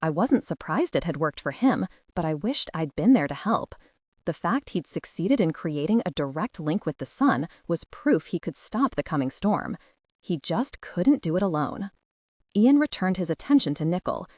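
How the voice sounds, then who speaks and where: A woman with a lowish voice narrates a first-person audiobook, her pitch rising and falling with feeling. The sound is close and very dry, with no room around it. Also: sing-song, moderate pace, a little mellow, dry recording.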